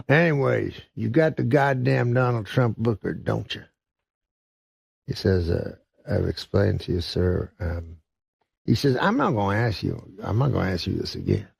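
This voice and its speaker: A comedian from Canada telling a long rambling joke in a halting deadpan way, full of "uh" and "you know". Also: male voice, fairly low pitch, creaky, husky, dry recording. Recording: dull lo-fi sound.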